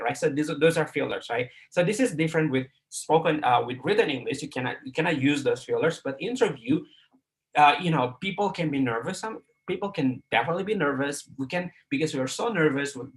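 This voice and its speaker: A man's voice: on the high side, expressive, brisk. A middle-aged man from Indonesia with an Indonesian accent, giving a live online English class, full of fillers and repeated words, often checking with "right?".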